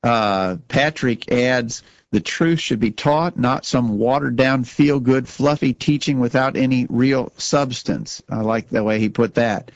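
Speaking at an unhurried pace in a medium-pitched voice, a radio co-host discusses religion earnestly. He tends to repeat words when starting sentences, and the lo-fi recording has no echo.

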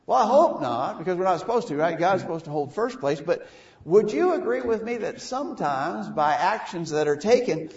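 A fairly high-voiced man preaching with emphasis, pressing his listeners with rhetorical questions. His voice rings through a large echoing room and sounds far from the mic. The recording is a little dull and muffled. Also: darkish tone. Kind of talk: sermon. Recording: echoey, distant, dull.

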